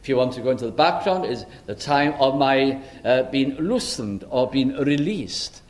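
A man preaching an expository sermon in a measured, earnest way, often pausing with "uh" as he works through a passage. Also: medium pitch, lively intonation.

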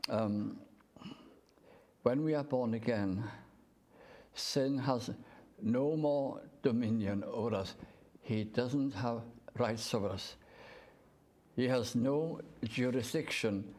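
A man preaching a sermon in short, measured phrases, reading out scripture to a gathered congregation. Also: medium pitch, darkish tone. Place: church gathering in the evening.

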